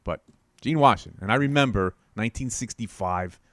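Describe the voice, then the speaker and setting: A man's voice: fairly low pitch, brisk, fairly bright tone, no echo, clean studio sound. A man in his seventies co-hosting a podcast, reminiscing about sports with chuckles and enthusiasm. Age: 70s. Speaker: podcast co-host. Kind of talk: casual podcast chat.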